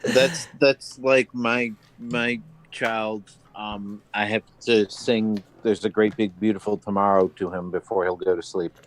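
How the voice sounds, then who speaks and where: A man's voice: lowish voice, steady tone, measured pace. A man co-hosting a casual podcast, tossing off joking asides. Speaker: podcast co-host. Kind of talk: casual chat.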